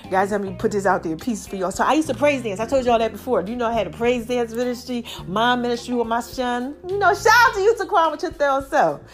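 Female podcast host, high-pitched, animated testimony style, speaks straight to listeners. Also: fast talker, hardly any pauses, faint music behind. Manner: expressive, preachy, talks straight to listeners. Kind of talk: casual testimony monologue.

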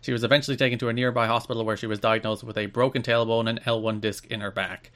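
A man's voice: mid-range voice, level tone, fast talker, fairly bright tone. A man with an Irish accent co-hosting a podcast, reading out news items and then riffing on them casually. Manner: reads news items then riffs loosely. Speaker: podcast co-host. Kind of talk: casual chat.

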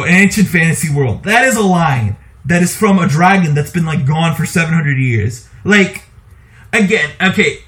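A man co-hosting a podcast, talking casually about movies in an animated, opinionated way and laughing often. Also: a little high. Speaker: podcast co-host.

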